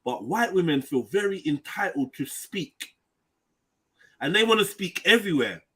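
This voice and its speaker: High-voiced animated man. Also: normal speed, breathy edge. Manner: animated, mocking impressions. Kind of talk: casual panel chat.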